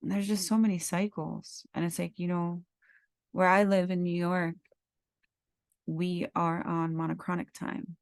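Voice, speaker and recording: A woman's voice: fairly low pitch, little pitch movement, unhurried, vocal fry, no room sound, clean studio sound. A woman in her thirties hosting a podcast, talking in an earnest, heartfelt, rambling way and repeating herself as she reflects. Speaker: podcast host. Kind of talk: reflective personal talk.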